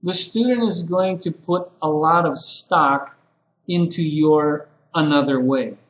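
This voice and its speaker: A fairly high-voiced man takes trainee teachers through classroom phrases, acting each one out as he goes. He talks like a relaxed lecturer, and the echo of the room he is in carries under his voice. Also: slow. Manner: conversational, acts out sample teacher phrases. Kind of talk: lecture-style teaching video. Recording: echoey room.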